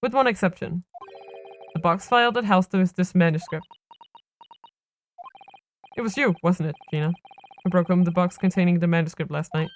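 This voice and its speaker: A woman's voice: on the low side, moderate pace, long pauses, faint music behind, lightly acted. A woman voicing an earnest young male defense lawyer who reasons things through aloud, reading game dialogue on a stream.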